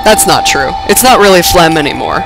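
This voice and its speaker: A woman commenting on her gameplay, her voice lowered and rough from being sick with a dry cough; excitable, swearing and laughing at herself. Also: fairly quick, over loud music, low-quality recording. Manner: excitable, swears and laughs often, self-mocking. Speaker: let's play gamer.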